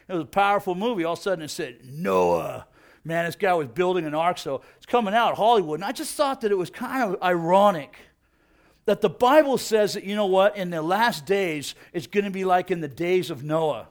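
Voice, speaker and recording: A middle-aged man giving a casual, energetic sermon, peppering his talk with "man" and asking "you know what?". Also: high voice, a little fast. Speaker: preacher.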